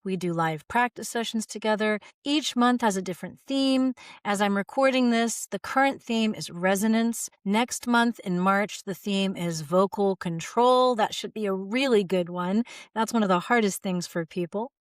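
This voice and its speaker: A woman voice coach calmly guiding listeners through relaxation exercises, modeling sighs and open "ah" sounds. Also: medium pitch, normal speed, few pauses, dry recording, clean studio sound. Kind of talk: guided vocal exercise instruction.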